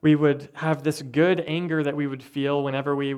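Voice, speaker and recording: A man preaching a sermon with earnest, conversational delivery and thoughtful pauses. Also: fairly high pitch, little pitch movement, a little mellow, clear, resonant tone. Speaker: pastor.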